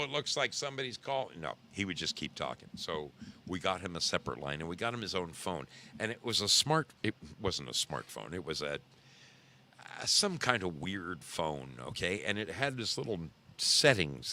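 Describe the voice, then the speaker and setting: A middle-aged man hosting a podcast, telling a story casually in a low voice, rambling and repeating himself for emphasis. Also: bright, forceful tone, a little hiss or hum. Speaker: podcast host.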